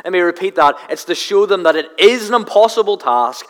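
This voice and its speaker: A man's voice: high-pitched, animated, fairly quick. A male pastor giving an earnest sermon, often repeating words as he searches for phrasing. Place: church sanctuary. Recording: long church reverb.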